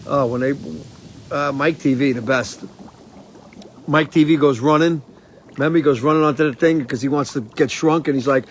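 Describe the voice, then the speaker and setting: A man's voice: medium pitch, normal speed, slight background noise, low-quality recording. A man hosting a casual live stream from a porch, rambling and swearing while he tells stories, a little stoned. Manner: rambling, profane, animated storytelling. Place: outdoors on a porch.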